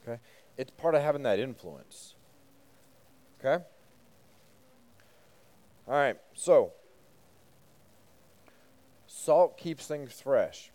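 Youth pastor guy giving a laid back sermon, mellow voice, keeps asking the kids questions. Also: medium pitch, expressive, very slow, pauses often. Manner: conversational, asks the group questions, joking asides.

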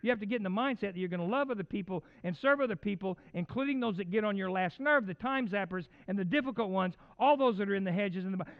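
A middle-aged man preaching a sermon, animated and conversational, with folksy asides. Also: high voice, quick pace, few pauses. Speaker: pastor. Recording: dull lo-fi sound.

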